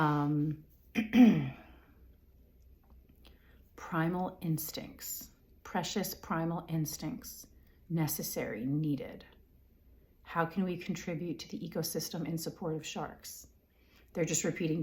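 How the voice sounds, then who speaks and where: A woman giving a live spiritual reading, relaying impressions in halting, repetitive phrases, often whispering her questions softly to herself and clearing her throat. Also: deep voice. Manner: frequent fillers and throat-clearing. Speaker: intuitive reader.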